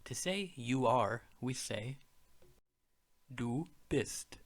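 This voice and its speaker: A man's voice: mid-range voice, expressive, drawn-out words. A man narrating a beginner language lesson, explaining words patiently and step by step. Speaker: language teacher.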